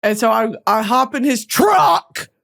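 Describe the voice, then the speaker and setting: A woman from Texas hosting a comedic podcast, animated and profane as she rants straight to the audience. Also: fairly high pitch, unhurried, vocal fry. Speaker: podcast host.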